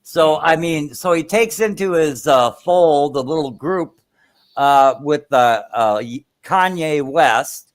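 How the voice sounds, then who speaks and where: A man's voice: fairly high pitch, expressive, slow pace. A man calling into a stream, talking bluntly and crudely in casual chat.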